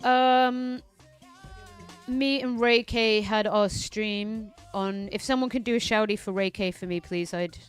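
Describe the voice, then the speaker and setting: A woman's voice: medium pitch, steady tone, measured pace, smooth, faint music behind. A woman streamer ranting through casual political commentary, heated and profane.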